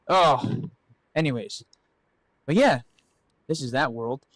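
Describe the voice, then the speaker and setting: A man's voice: mid-range voice, animated, slow, pauses often, a bit bright, dry recording, poor audio. A man streaming as a VTuber, chatting casually and joking around with his viewers. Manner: playful, joking, swears freely. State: out of breath. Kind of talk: casual live stream chat.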